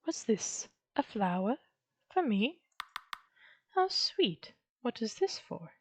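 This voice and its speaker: A woman voicing a gentle, lonely female witch who speaks in a soft, sweet, coaxing way. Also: on the high side, sing-song, slow, a little hiss or hum. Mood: soothing.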